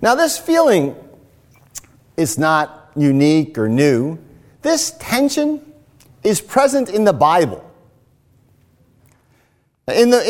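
An older man preaching a sermon as a pastor, emphatic and deliberate, repeating his key phrases. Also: high voice, in a large hall.

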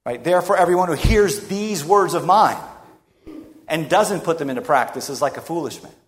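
A man preaching a sermon in an emphatic, rhetorical way with dramatic pauses. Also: a little high, expressive. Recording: long reverb of a large hall.

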